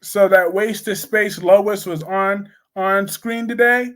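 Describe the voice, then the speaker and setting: A man's voice: high voice, steady tone, takes it slowly, a bit bright. A man giving blunt, opinionated soap opera commentary in a casual live-stream chat, reading and answering viewers' comments. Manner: blunt, opinionated, repetitive emphasis.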